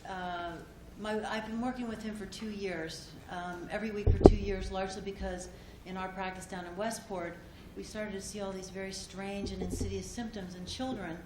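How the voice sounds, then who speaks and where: Woman giving an earnest acceptance speech at a conference, soft-spoken with restarts, in an echoey room. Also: medium pitch, steady tone. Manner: gentle, halting, many fillers and restarts. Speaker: award acceptor speaking for a doctor. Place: conference hall. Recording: echoey hall, audience noise.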